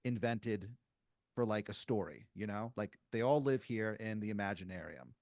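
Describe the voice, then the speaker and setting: A man voicing a calm male fictional guide in a black astronaut helmet, explaining things in a smooth way. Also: fairly low pitch, moderate pace, no room sound, clean studio sound.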